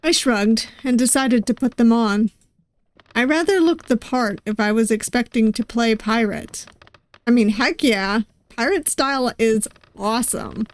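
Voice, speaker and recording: A woman's voice: on the high side, unhurried. A woman streamer reading a visual novel aloud, giggling and poking fun at her own attempts at voices. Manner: giggly, self-deprecating. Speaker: VTuber game streamer.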